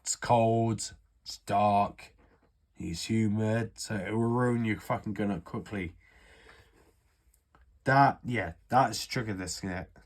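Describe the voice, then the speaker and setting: On the low side and slow, this man pauses often. He's a UK airsoft hobbyist casually walking through a gun repair, rambling, sweary and offhand as he chats.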